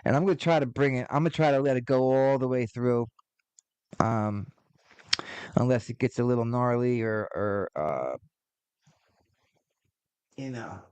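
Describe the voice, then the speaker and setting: This podcast host, a man in his forties, speaks unhurriedly with long pauses in a medium-pitched, slightly mellow, clean voice, recorded dry. Still, he rants casually and with exasperation, swearing heavily and drifting into rambling asides.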